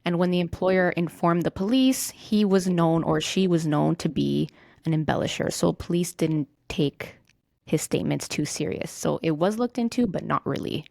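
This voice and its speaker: A woman's voice: on the low side, normal speed, vocal fry, darkish tone, no room sound, clean studio sound. A woman hosting a podcast, narrating a true-crime case from a script, with small slips and restarts as she reads. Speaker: podcast host. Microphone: own mic on a remote call.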